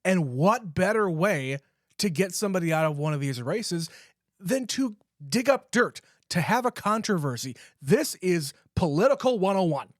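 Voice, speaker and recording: A man co-hosts a casual podcast, his voice a touch higher than most men's. He builds his points in long, thoughtful runs and drops the odd casual swear. The recording is dry and close-miked. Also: expressive, moderate pace, no room sound. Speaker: podcast co-host. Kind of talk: casual movie discussion.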